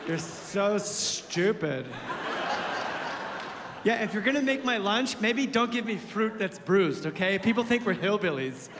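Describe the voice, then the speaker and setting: A man doing a stand-up comedy set, telling animated stories and acting out both sides, swinging from muttering to shouting. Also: sits high, a little slow. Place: comedy club stage. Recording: live club recording, roomy hall reverb with audience laughter and noise.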